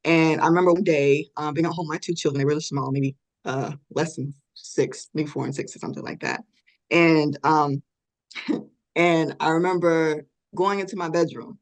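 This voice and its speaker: A middle-aged woman telling a personal story in a podcast interview, earnest, with many fillers and soft laughs. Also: low-pitched, steady tone, moderate pace.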